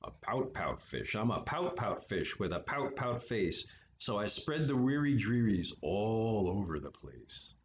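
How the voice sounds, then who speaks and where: Brief: man voicing a mopey storybook fish, low and slow, sing-song gloom. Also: sing-song, roomy sound, lo-fi sound, slight background noise. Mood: glum. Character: glum gloomy male pout pout fish.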